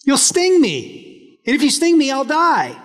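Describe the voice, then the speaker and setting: A wary male storybook frog, incredulous and alarmed, put on by a preacher. The voice pitches up high. Long church reverb rings after each line. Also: huge pitch swings, a little slow, a bit bright, exaggerated voice.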